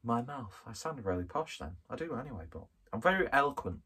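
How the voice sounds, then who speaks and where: A man's voice: medium pitch, big pitch swings, fast talker, pushed and bright, breathy edge. A man, from northwest England, chatting through a casual beer review in a rambling, self-deprecating, jokey way. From Skelmersdale, northwest England.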